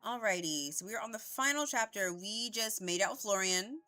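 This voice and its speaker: A woman's voice: mid-range voice, animated, normal speed, bright, forceful tone, faint music behind. A young woman at home giving casual, rambling gameplay commentary on a headset mic, swearing freely. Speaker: streamer.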